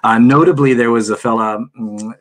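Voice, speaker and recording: A man's voice: mid-range voice, normal speed. A middle-aged man telling stories as a guest on a video call interview, acting out quotes as he goes. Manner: animated storyteller, acts out quotes. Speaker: guest actor. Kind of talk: casual interview chat.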